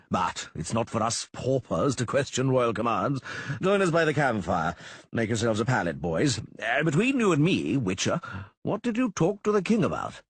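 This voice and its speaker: A man's voice: medium pitch, breathy edge, dry recording, pitched above the performer's own voice. A man voicing a burly old mercenary. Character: massive burly old male dragon hunter.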